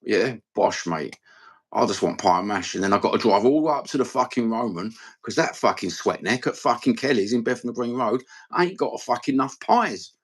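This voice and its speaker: A man's voice: mid-range voice, lively intonation, fairly quick, breathy edge. A middle-aged man with an East London accent, hosting a rambling live stream, talking in sweary, blokey banter.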